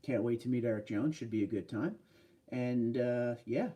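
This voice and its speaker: A man's voice: mid-range voice, normal speed, mellow, far from the mic. A man hosting a casual livestream, chatting loosely and answering viewer comments. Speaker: livestream host. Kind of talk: casual live stream chat.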